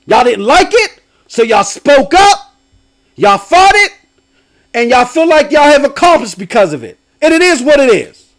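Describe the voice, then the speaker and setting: A young man hosting a gaming live stream, ranting loudly and laughing often as he swings between shouts and low mumbles. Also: big pitch swings, moderate pace. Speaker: game streamer and podcast host.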